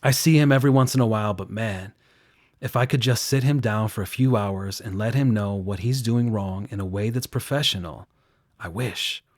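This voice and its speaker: Here a man who works as a victim advocate describes a case in a recorded interview, his manner earnest and conversational. His voice is lowish and his pace moderate.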